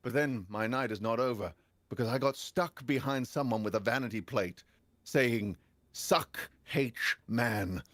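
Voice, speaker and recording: A young man tells a comic story on a casual podcast panel. He swears often, and his voice swings widely in pitch and loudness. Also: moderate pace, dry recording. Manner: animated, profane, big swings in pitch and volume. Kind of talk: comedic storytelling in casual chat.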